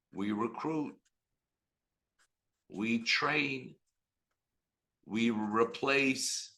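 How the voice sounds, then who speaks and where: A middle-aged man giving an animated motivational business talk on a video call, telling stories and speaking to the audience directly. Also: mid-range voice, creaky. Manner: animated storytelling with audience asides. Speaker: business trainer.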